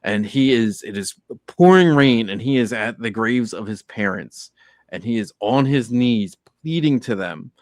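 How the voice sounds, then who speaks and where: A man's voice: medium pitch, animated, measured pace, no echo, studio quality. A man co-hosting a casual podcast, telling heartfelt stories and acting out quoted lines. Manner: earnest storytelling, acts out quotes. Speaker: podcast co-host.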